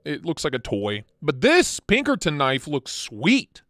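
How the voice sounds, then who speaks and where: A casual, blunt man hosting a chat stream, excitable and quick to swear, sounding tired. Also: fairly high pitch, no room sound, clean studio sound. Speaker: channel host.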